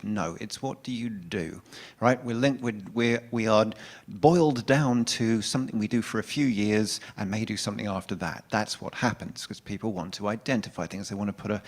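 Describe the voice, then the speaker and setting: A man in his forties giving a candid, conversational talk in a church as a guest spiritual speaker, often restarting his sentences. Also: lowish voice. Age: 40s.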